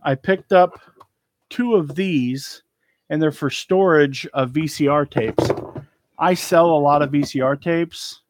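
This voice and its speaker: A man's voice: a little high, slow pace, noisy background. A man chatting casually as an online reseller, rambling through his haul and trailing off with ums. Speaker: eBay reseller showing a haul. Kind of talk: casual live haul chat. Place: cluttered storage room indoors.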